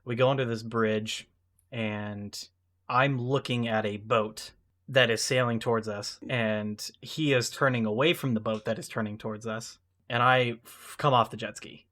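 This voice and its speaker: A man's voice: medium pitch, steady tone, normal speed, fairly bright tone. A young man telling a long personal mishap story in casual, self-deprecating style, full of restarts and asides. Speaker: podcast co-host.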